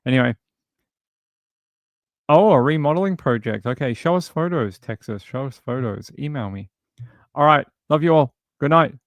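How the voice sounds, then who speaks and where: Guy rambling on a livestream, mid pitch, dry close sound, gets fed up easy. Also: expressive, normal speed, long pauses, no echo. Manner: rambling, easily exasperated. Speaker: livestream host. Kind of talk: casual livestream chat.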